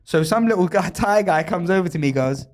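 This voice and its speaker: Young male podcast host, animated storyteller, swears and laughs, voice swings up and down. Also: high voice, fairly quick, slight background noise. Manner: animated, laughing, swearing a lot, rambling restarts. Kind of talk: casual storytelling chat.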